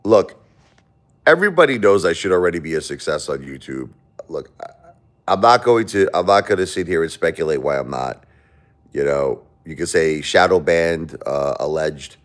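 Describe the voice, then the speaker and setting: Low-voiced man arguing with his chat. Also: animated, moderate pace. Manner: defensive, argumentative, repeats himself. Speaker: livestream host. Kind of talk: livestream talk to chat.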